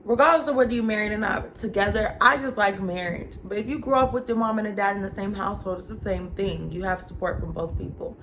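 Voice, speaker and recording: A young woman vlogger chatting casually as she tells a personal story, animated and talking straight to her viewers. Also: mid-range voice, fast talker, hardly any pauses, slight background noise. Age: young adult. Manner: chatty, animated, addresses viewers as y'all and girl.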